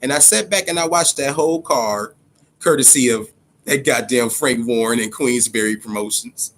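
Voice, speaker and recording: A man giving casual, profane boxing talk, animated and storytelling, slipping into quotes of other people. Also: medium pitch, normal speed, a little hiss or hum. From Ohio, USA. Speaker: boxing commentator.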